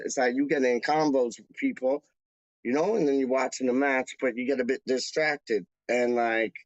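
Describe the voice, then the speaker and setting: A man's voice: medium pitch, no room sound. A man chatting casually to viewers of his fan channel, rambling and slangy and repeating himself. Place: lives in Canada, time zone away from England. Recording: dull lo-fi dry sound.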